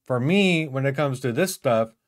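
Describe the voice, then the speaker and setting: A man's voice: mid-range voice, animated, normal speed. Blunt, rambling man on a panel. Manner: blunt, rambling, lots of "like" and "you know what I mean". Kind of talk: online panel discussion.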